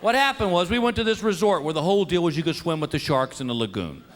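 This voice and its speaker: High, lively middle-aged male comedian. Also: fast, big-room sound. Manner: animated, self-mocking storyteller. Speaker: stand-up comedian. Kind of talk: stand-up comedy. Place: stage before a live audience. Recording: live show with crowd laughter and noise.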